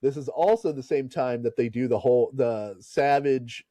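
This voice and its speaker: A man's voice: medium pitch, moderate pace, warm tone, dry recording. Man telling stories on a podcast. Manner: laughs and swears while retelling stories. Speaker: podcast host. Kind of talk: casual storytelling chat.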